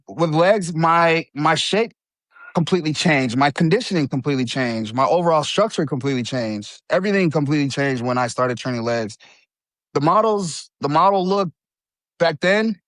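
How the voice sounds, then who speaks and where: A man in his thirties, a bodybuilding champion talking casually as a guest in an interview, easygoing and quick to laugh. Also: fairly high pitch, no room sound. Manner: relaxed, laughs easily, says bro and you know.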